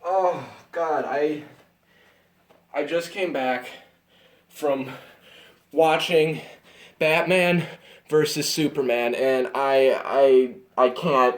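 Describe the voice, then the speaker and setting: Young male vlogger, higher voice, ranting and breathless, roomy phone audio from a bit off-mic. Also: extremely slow, pauses often, far from the mic. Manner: exasperated, swings from muttering to shouting. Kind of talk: ranting movie reaction.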